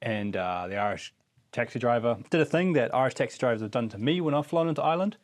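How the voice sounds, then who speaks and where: American guy cohosting, dry jokey storyteller, mid-pitched voice. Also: lively intonation, fast talker. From United States. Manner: dry, joking storyteller, swears. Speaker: podcast co-host. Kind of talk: casual chat.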